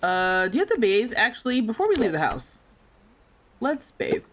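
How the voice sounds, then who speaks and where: A woman's voice: fairly high pitch, very animated, normal speed, noisy background. A young adult woman livestreaming a life sim game, chatting casually, reading chat aloud, laughing and talking back with playful indignation.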